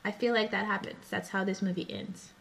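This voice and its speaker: A woman's voice: medium pitch, steady tone, brisk, creaky, a bit bright, a little hiss or hum. A young woman co-hosting a casual movie podcast, chatty and joking, often trailing off mid-thought. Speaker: podcast co-host. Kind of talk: casual chat.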